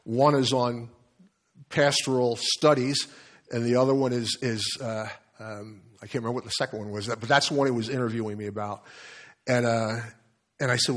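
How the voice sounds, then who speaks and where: A male pastor preaching in a plain, mid-pitched voice. He talks to his congregation in a frank, conversational way and tells stories with many small restarts. He also reads scripture aloud. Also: fairly even intonation, moderate pace. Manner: candid, conversational storytelling with restarts. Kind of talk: sermon with personal story.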